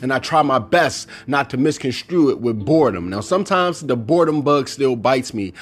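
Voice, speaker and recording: A man's voice: mid-range voice, moderate pace. A middle-aged man hosting a casual solo podcast, talking animatedly and acting out movie lines. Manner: animated, quotes movie lines in put-on voices. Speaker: podcast host.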